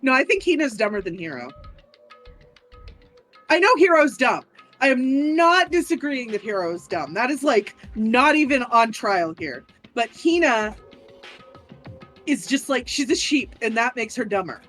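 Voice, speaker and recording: A woman's voice: fairly high pitch, very animated, fairly bright tone, soft background music. A woman streaming a game, chatting casually and teasing her co-host. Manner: teasing, joking, quick banter. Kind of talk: casual chat over gameplay.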